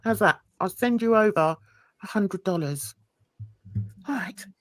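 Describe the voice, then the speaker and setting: A woman's voice: medium pitch, expressive, a little slow, no echo. Woman host cracking up and teasing, voice swings up and down a lot. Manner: mocking, laughing, sarcastic asides. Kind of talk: casual chat reacting to clips.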